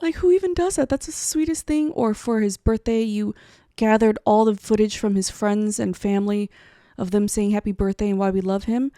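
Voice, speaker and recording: A woman co-hosting a podcast, telling a story in casual chat, animated and swearing as she acts out quotes. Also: medium pitch, moderate pace, no room sound, clean studio sound. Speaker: podcast co-host.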